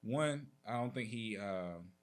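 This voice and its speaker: A man's voice: fairly low pitch, expressive, slow. A man who is a podcast guest, speaking in a laid-back, slangy way and often answering with short agreements. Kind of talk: casual podcast conversation.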